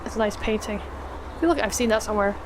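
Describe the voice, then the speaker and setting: A woman's voice: mid-range voice, quick pace, noisy background. A woman casually commenting on a game she plays, reacting with swearing and laughter. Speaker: let's play gamer.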